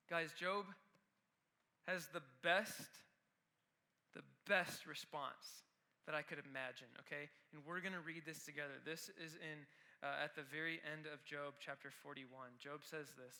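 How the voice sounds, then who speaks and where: A man's voice: on the high side, fairly even intonation, unhurried, pushed and bright. A man preaching a youth sermon with energy, talking straight to the students. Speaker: youth pastor.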